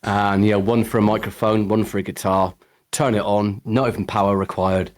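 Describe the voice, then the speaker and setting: A man speaking as a guest musician in a casual live-stream interview, relaxed and easygoing. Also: fairly low pitch, moderate pace.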